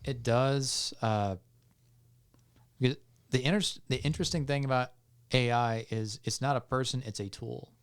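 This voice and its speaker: A man, a podcast guest, calmly explaining legal points step by step with frequent fillers and restarts. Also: mid-range voice, a little slow, clear, resonant tone. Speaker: podcast guest on music law. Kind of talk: explanatory casual talk.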